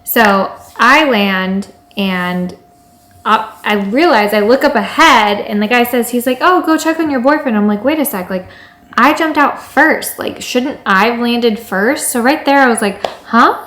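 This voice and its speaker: A young woman tells a story to camera in a casual, animated way, acting out the things she and others said. Her voice sits a bit high, and the room rings back with echo. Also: measured pace. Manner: animated, acts out quoted lines. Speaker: vlogger telling engagement story. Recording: echoey room.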